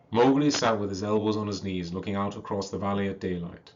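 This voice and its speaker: A man reads a classic story aloud in a slow, measured way, chanting its verse passages. His voice sits low, and the recording is dull and lo-fi. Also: steady tone, slight background noise.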